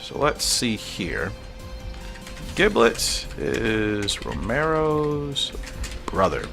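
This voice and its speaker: A man reads a fan comic aloud and talks through it, musing and puzzling as he goes. His pitch swings widely from phrase to phrase. Soft music plays in the background. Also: very animated, very slow, creaky. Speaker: comic reader and reactor.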